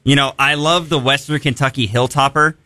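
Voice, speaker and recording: Easygoing male podcast guest, jokey, bright tone, dry close recording. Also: medium pitch, fairly even intonation, a little fast, no room sound. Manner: easygoing, joking. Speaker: producer and guest. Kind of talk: casual podcast chat.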